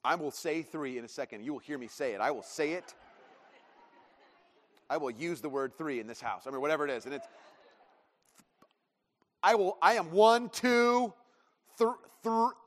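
A thirtysomething pastor with a mid-range, fairly bright voice delivers a sermon a little fast, pausing often. He keeps it conversational and pokes fun at himself while acting out bits of dialogue, and the church auditorium adds a long reverb.

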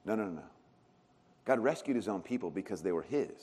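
A man preaching a sermon as a pastor, telling stories with animated swings in pitch and loudness. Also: fairly quick, breathy edge. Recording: long reverb of a large hall.

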